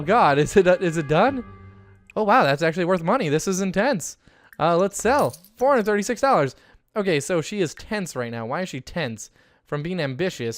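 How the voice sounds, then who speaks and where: A man giving casual, chatty commentary while playing a life-simulation game, getting excited and jumping up in pitch when something good happens. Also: no room sound. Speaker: gaming YouTuber. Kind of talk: casual let's-play commentary.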